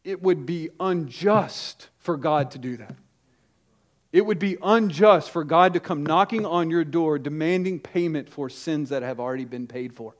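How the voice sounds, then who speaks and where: A pastor preaches to his congregation with emphatic urgency, hitting key words hard and slipping into quick asides. His voice sits on the high side.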